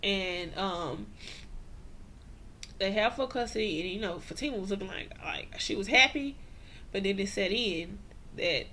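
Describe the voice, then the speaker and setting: A woman's voice: fairly high pitch, moderate pace, bright, forceful tone, slight background noise. A woman giving a casual, slangy TV recap, acting out the characters' lines and laughing often. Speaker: TV recap vlogger.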